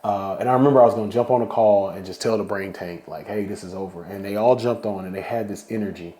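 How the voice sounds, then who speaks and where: A man hosts a solo podcast, talking casually and heartfelt, at times close to getting emotional. His voice is on the low side, fast and mellow.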